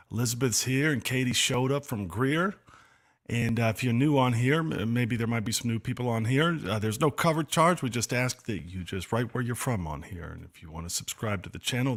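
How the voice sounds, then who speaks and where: A man's voice: mid-range voice, moderate pace. A man hosting a casual livestream, talking loosely with many fillers and apologizing for running late. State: slightly out of breath. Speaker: livestream host.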